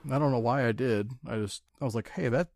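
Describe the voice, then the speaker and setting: A man's voice: medium pitch, steady tone, fast, darkish tone. A man co-hosting a comic-book podcast in casual chat, explaining his points at length. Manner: explanatory, rambling with restarts. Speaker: podcast co-host.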